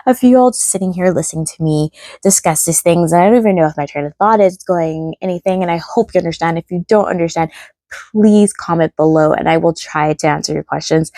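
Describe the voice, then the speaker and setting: Female vlogger, rambling chatty delivery, dry close sound, slightly low voice. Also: vocal fry, darkish tone, no room sound. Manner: rambling, chatty, self-deprecating. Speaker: travel vlogger. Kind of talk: casual vlog chat.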